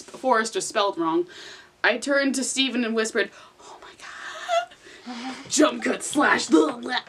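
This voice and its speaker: A woman's voice: on the high side, fairly bright tone. A young woman reading her old fanfiction aloud in a casual comedic way, laughing, swearing and mocking herself.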